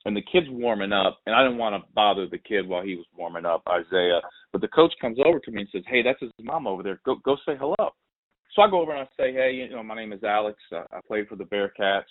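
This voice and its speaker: Podcast host guy retelling a story, animated, does the voices, sounds like it's over a phone. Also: fairly low pitch, fast talker. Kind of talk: casual interview storytelling. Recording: tinny phone-like audio.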